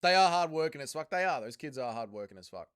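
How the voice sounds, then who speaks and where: A man's voice: a little high, animated, quick pace, a bit bright, smooth. A young Australian man hosting a livestream, chatting casually and crudely while reading out viewer comments. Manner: blunt, crude, joking. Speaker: livestream host.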